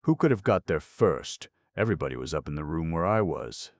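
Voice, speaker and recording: A man's voice: very deep voice, lively intonation, a little fast, no echo, studio quality. A man doing a dim, sheepish crook. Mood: defensive. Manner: plain, defensive pleading. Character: dim-witted male crook, sheepish and defensive.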